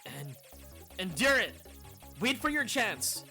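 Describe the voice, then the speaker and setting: A woman voicing a cool-headed male lizard fugitive who gives low, clipped orders in a fan dub of a game. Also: expressive, normal speed, a bit bright, faint music behind. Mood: urgent hush.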